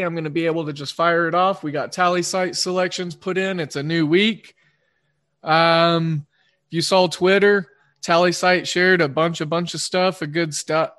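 A man with an Oklahoma twang hosting a sports betting podcast in a rambling, quick-fire casual monologue that often corrects itself. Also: high-pitched, a bit bright.

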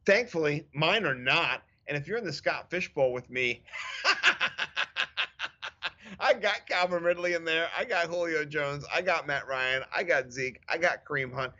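A man in his thirties co-hosting a casual podcast, telling stories in an animated, self-mocking way. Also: a little high, moderate pace, lo-fi sound. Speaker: podcast co-host. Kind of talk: casual chat.

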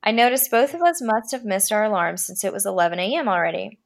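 A woman podcast host reading a horror story aloud, with a dramatic delivery that slows down for the creepy lines. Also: mid-range voice, gravelly.

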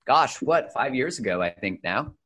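A man's voice: mid-range voice, expressive, moderate pace, fairly bright tone, husky. A man hosting his own podcast, talking in a loose, enthusiastic and chatty way with plenty of fillers. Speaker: podcast host. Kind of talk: casual podcast chat.

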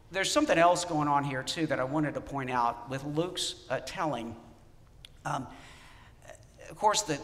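A man preaching a sermon as a pastor, animated and asking his listeners questions. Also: mid-range voice, long reverb tail. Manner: animated, asks the congregation questions.

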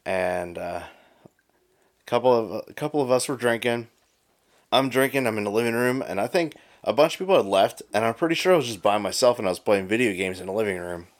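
A man's voice: lowish voice, lively intonation, fairly quick. A man telling a long rambling story in casual chat, profane, with frequent "right?" tags.

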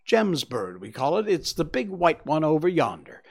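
A man voicing a brisk, practical countrywoman speaking to her brother, in an audiobook. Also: a little high, big pitch swings, vocal fry, voice pushed up, exaggerated voice.

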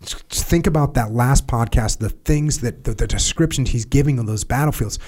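A man from the United States hosting a podcast, talking in an earnest, halting way with many restarts and fillers. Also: medium pitch, a little mellow, husky. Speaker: podcast host. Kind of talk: casual podcast chat.

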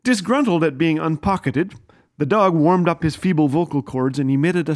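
A man hosting a radio show, telling a funny family story in an animated, self-mocking way. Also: on the high side, normal speed. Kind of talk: humorous storytelling.

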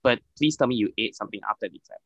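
A man's voice: mid-range voice, very fast, no room sound, muffled recording. A young man co-hosting a podcast in casual, joking chat, swearing freely and using lots of fillers. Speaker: podcast co-host.

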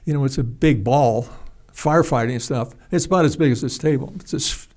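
An older man, a retired pilot, telling a story in a halting, rambling way with restarts and salty language. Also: mid-range voice, a little mellow. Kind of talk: casual spoken storytelling.

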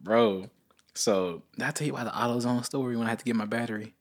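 A young man co-hosting a podcast, chatting casually and telling a long story, often jumping into high voices to quote people. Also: quick pace. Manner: animated storyteller, jumps into high-pitched voices when quoting people. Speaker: podcast co-host.

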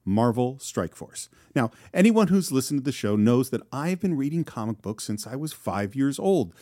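A man's voice: mid-range voice, sing-song, normal speed, dark tone, no echo, clean studio sound. Upbeat man reading a sponsor ad. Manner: upbeat, salesy. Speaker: podcast co-host reading an ad. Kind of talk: scripted sponsor read.

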